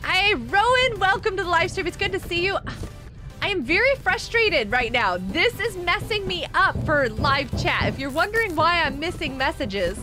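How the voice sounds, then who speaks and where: A woman hosting a live gaming stream, chatting excitably as she plays and reads out and thanks viewers from the chat. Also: very high voice, normal speed, music in the background.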